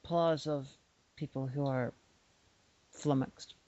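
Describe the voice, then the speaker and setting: A woman's voice: rumbling low, steady tone, takes it slowly, mellow. Teasing woman co-host, off-mic. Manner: dry teasing quips. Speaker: podcast co-host. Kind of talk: casual podcast chat. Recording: dull lo-fi audio, off-mic.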